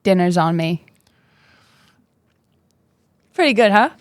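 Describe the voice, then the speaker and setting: A woman's voice: fairly low pitch, lively intonation, fairly quick, dry recording. A young woman, chatting casually and upbeat as a guest, laughing easily. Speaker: basketball player, podcast guest. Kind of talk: casual interview chat.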